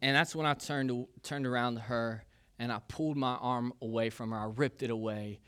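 Bright-voiced storytelling male pastor. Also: medium pitch, fairly even intonation, fairly quick, clear, resonant tone. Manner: conversational, self-deprecating, with frequent fillers. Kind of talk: sermon with personal storytelling.

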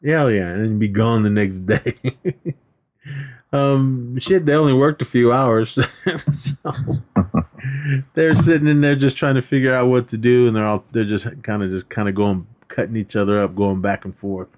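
A man's voice: medium pitch, fairly even intonation, normal speed, darkish tone. This is an American man in his middle register, chatting his way through a movie recap for a podcast. He laughs constantly, curses offhandedly and keeps breaking off to fix a half-finished sentence as the memories come back. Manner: laughs often, swears freely, restarts sentences while recalling scenes. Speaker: podcast co-host. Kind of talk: casual movie recap chat.

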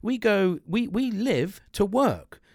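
A man's voice: high-pitched, very animated, slow pace, no echo, clean studio sound. Blunt, swearing British man. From Britain. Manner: rambling, heavy swearing, blunt. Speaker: podcast co-host. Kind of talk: casual chat.

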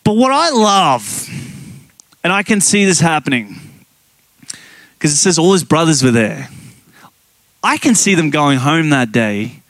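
Aussie pastor guy preaching, high voice, super animated, dry close sound. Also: no echo. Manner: animated, storytelling, quick to laugh, emphatic. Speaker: guest pastor. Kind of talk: sermon.

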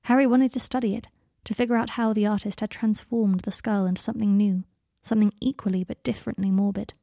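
A woman narrating a fan fiction audiobook with soft, expressive, intimate storytelling. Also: mid-range voice, fast talker, vocal fry, no echo, studio quality.

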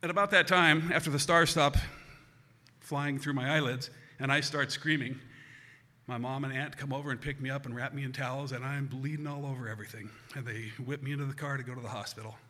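A man from the United States telling a comic story live, animated and self-mocking. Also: mid-range voice, a little fast. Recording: hall reverb with faint hiss.

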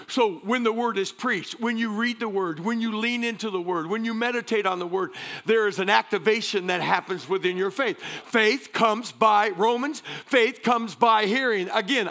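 Man, pastor preaching, high voice, bright tone, energetic, call-and-response with the crowd. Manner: joking asides, repeats words. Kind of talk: sermon.

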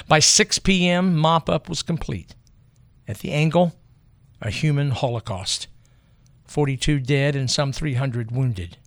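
A man giving scripted historical narration in a grave, measured way with deliberate pauses. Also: on the high side, dry recording.

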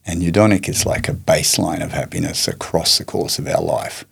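A man with a low, gravelly voice, slightly husky, answers interview questions at length. He speaks in a measured, reflective way and brings his stories to life by acting out the lines of the people in them. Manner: measured, reflective, acts out quoted speech. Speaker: guest, martial arts teacher and charity head.

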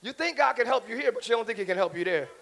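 A male pastor with a very high, gravelly voice preaches to a live congregation. He builds from low asides to shouted peaks and has them repeat lines back to him. A faint hum of the church hall sits under him. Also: animated, rapid-fire. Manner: preaches with rising shouts and audience call-and-response.

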